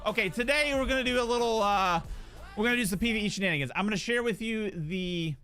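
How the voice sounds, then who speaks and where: Young male streamer, chatty and animated, high bright voice, faint music underneath. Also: fast talker. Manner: animated storyteller who acts out voices and jokes. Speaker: game streamer. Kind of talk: casual live-stream chat.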